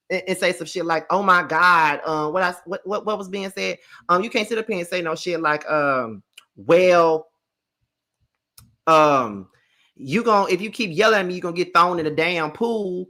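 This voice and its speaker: A man's voice: sits high, bright, forceful tone. A man hosting a live review of a reality TV episode, ranting heatedly and swearing freely. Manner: profane, heated ranting commentary. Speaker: reality TV recap host.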